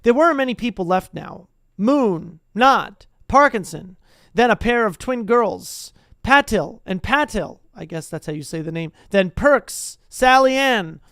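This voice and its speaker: Casual book reading, chatty asides, smooth clear voice, dry close sound. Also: medium pitch, animated, measured pace, a bit bright, no echo. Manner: chatty asides, stumbles and restarts; reads to a live chat. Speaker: streamer reading aloud.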